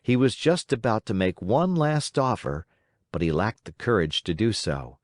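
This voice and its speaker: A man reading a classic children's storybook aloud in an expressive, dramatic way. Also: on the low side, normal speed, no echo, studio quality. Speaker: audiobook narrator. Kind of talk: scripted storybook narration.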